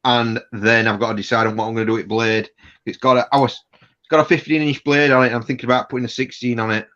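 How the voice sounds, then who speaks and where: A man with a Sheffield accent, chatting unhurriedly and haltingly on a live stream over a video call. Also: medium pitch, steady tone, fairly bright tone, muffled recording. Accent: Sheffield English. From England. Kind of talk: casual chat on a live stream.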